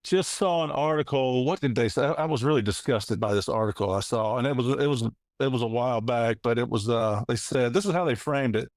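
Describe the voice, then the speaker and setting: Male host, relaxed and agreeable, middle-range voice, dry close recording. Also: medium pitch, fairly quick, hardly any pauses, no room sound. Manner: agreeable, steady, frequent "yeah" and "man". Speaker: podcast host. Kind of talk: casual podcast interview.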